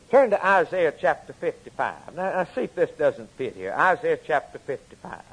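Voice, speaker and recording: Male preacher, husky, slightly high voice, emphatic repetitive sermon cadence. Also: poor audio.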